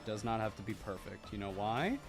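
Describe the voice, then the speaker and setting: A man's voice: on the low side, lively intonation, fairly quick. A man chatting casually while painting miniatures on a live stream, answering chat and joking at himself. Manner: chatty, self-mocking, answers chat questions. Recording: music playing behind.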